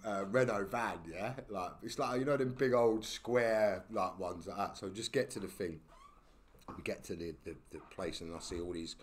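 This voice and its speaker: Telling a story on a podcast, a London man uses loose slang and keeps adding "yeah?" to his lines. His pitch is fairly low and his speed normal.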